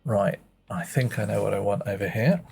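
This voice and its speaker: 一位直播游戏的男主播，声音低沉沙哑，带着明显的气泡音，说话慢悠悠，边想边自言自语，语气俏皮，背景有轻微音乐。. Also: male voice, on the low side, normal speed, vocal fry, a little mellow, faint music behind. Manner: playful, muttering to himself while thinking aloud. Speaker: game streamer. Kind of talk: live game-stream commentary.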